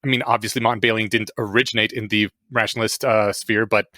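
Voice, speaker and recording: A man hosting a podcast in casual chat, excitable, laughing often and swearing casually. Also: lowish voice, quick pace, no room sound, studio quality. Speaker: podcast host.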